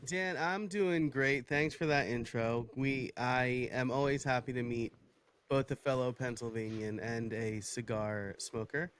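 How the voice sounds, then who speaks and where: A man's voice: mid-range voice, steady tone, a little slow, a bit bright. Reflective man telling his story as a guest. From New York. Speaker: podcast guest. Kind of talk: casual interview talk.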